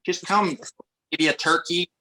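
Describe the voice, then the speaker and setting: Guy doing a friendly Midwestern man, Chicago accent, higher and brighter than his own voice. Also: steady tone, normal speed, poor audio. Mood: welcoming. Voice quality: folksy, welcoming.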